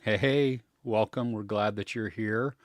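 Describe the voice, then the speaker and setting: A man's voice: fairly low pitch, steady tone, measured pace, no room sound, clean studio sound. A man hosting a movie podcast, greeting listeners and chatting casually with upbeat energy. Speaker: podcast host. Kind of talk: casual chat.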